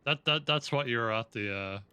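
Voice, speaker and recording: A man's voice: medium pitch, moderate pace, pushed and bright, clear, resonant tone, no echo. A man guiding friends through a game, explaining steps patiently. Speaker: experienced player guiding others. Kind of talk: casual gaming chat.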